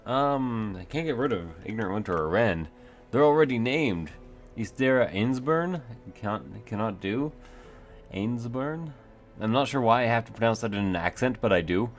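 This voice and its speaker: Let's-play host, lowish voice, rambling and self-mocking, faint game music under him. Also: male voice, animated, brisk. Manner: rambling, self-mocking, thinks aloud with fillers. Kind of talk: casual gameplay commentary.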